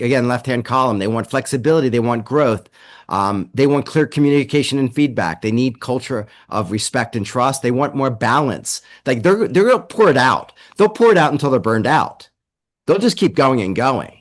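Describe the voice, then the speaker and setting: A man's voice: medium pitch, expressive, normal speed. A man presenting a webinar to leaders over a video call, talking conversationally and acting out quoted voices.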